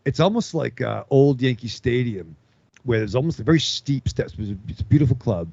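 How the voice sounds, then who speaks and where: A man tells a rambling story full of profanity, his gravelly voice leaping up and down as he acts out what other people said. The sound is dry and a little dull, like close podcast audio. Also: mid-range voice, brisk, dry recording. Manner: animated, swearing, acts out other people's lines. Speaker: podcast co-host.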